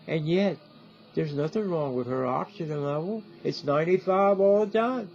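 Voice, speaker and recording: An older video commentator speaks directly to the camera in a rambling, repetitive way, constantly checking in with "See?". His fairly high voice is animated yet unhurried, creaky and darkish in tone. The audio is dull and lo-fi, with faint music.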